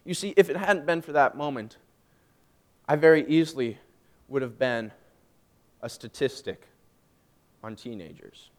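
A young man giving a personal faith testimony, emotional and swinging from hushed, drawn-out phrases to loud, emphatic ones. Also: mid-range voice. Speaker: student speaker giving testimony.

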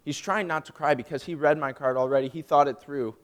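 A young man giving a personal faith testimony, emotional and swinging from hushed, drawn-out phrases to loud, emphatic ones. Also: on the high side, steady tone. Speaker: student speaker giving testimony.

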